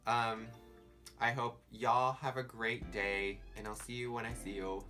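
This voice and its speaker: Speaking at a measured pace with a level, sharp tone, a young man with a Southern California accent rambles casually in a vlog, filling his talk with "like." His pitch is medium, and faint music plays behind him.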